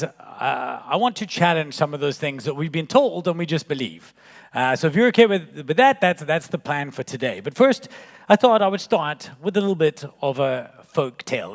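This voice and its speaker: High-voiced joking keynote speaker in a hall. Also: male voice. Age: 40s. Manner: jokey, animated, storytelling. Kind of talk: conference keynote with storytelling. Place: large conference hall. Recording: long reverb in a conference hall.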